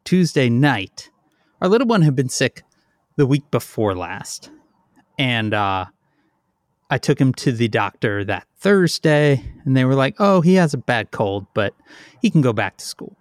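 A man's voice: mid-range voice, very animated, a little slow, no room sound, studio quality. Breathless rambling man. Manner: rambling, self-deprecating storytelling. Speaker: podcast co-host. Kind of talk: casual chat.

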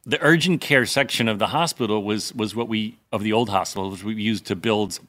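A man's voice: on the low side, fairly bright tone, no echo. A man co-hosting a podcast, telling rambling, profane stories in a casual chat. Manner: rambling, profane, quick asides. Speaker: podcast co-host.

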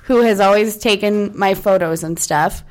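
A woman comedian co-hosting a casual chat, animated and quick to laugh and exclaim. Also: medium pitch. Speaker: comedian and co-host.

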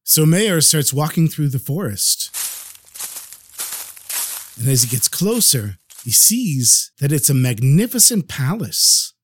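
Man, storyteller, podcast, lively expressive pitch, slightly high voice, dry close recording. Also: slow, breathy edge. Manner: animated, expressive narration.

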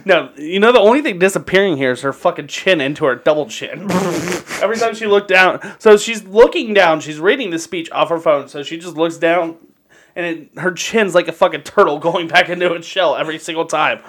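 Male podcast co-host, raised pitch, lively swings, crude humor. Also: brisk. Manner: crude, laughs often, animated. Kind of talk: crude casual banter.

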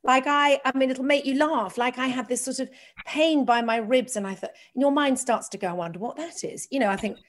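A middle-aged woman hosting a podcast, chatting casually and telling animated, gushing stories. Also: high voice, brisk. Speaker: podcast host. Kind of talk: casual chat.

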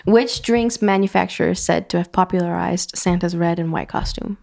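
A woman casually chatting and reading out trivia questions, animated and quick to laugh, often trailing off mid-sentence. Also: fairly low pitch, vocal fry. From Puerto Rican family background. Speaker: co-host.

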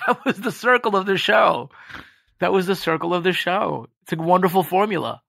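Animated joking man on a podcast. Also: high voice, normal speed, gravelly, no echo. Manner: animated, jokey, slips into impressions. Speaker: podcast guest, actor. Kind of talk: casual podcast chat.

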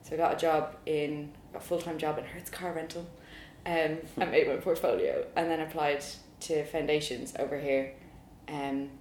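Chatty young Irish woman, low voice. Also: level tone, normal speed, darkish tone. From Ireland. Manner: chatty, laughs often, lots of "like". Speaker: guest illustrator. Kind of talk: casual interview chat. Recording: roomy with faint noise.

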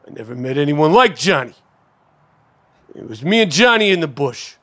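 A man voicing a traumatized old soldier who cannot let go of a lost comrade. His voice climbs high and swings wildly, dropping to bitter mutters then bursting into shouts. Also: very animated, normal speed. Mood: anguished ranting. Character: bitter traumatized male war veteran, ranting.

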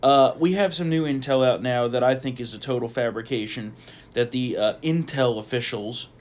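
A man's voice: medium pitch, a little fast, darkish tone. Male podcast host, tired-voiced, sarcastic, swears freely. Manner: blunt, profane, sarcastic. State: losing his voice. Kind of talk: casual news talk.

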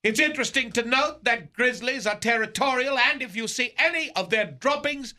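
A man's voice: very high voice, normal speed, bright, forceful tone, heavily acted. A man playing a vain, theatrical aging movie star in a radio comedy sketch, grandiose and laughing at his own jokes. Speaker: recurring comedy character.

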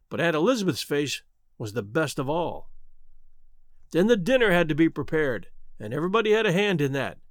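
An audiobook narrator reads a storybook aloud in a very lively voice that rises and falls, pitched high for a man. The sound is close and dry, with no room sound at all.

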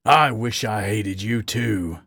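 A man's voice: fairly low pitch, slow, gravelly, a bit bright, no echo, clean studio sound, exaggerated voice. A man voicing a tired, bitter gay badger who growls out his grievances. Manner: growling, weary.

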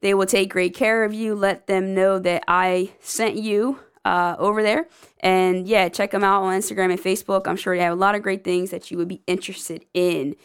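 A woman's voice: mid-range voice, level tone, moderate pace, clean tone. Upbeat woman hosting a podcast. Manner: upbeat and encouraging, addresses listeners as guys. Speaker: podcast host. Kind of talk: casual podcast monologue.

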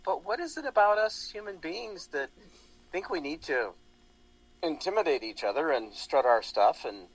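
A man's voice: fairly high pitch, big pitch swings, moderate pace, slightly rough, low-quality recording. A man hosting a talk show, rambling animatedly with lots of restarts in casual political chat. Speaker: radio show host.

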